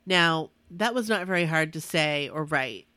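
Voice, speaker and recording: A woman's voice: deep voice, animated, a little slow, sharp tone, dry recording. A young woman reading her own emotional fan story aloud, earnest, with asides and restarts. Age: young adult.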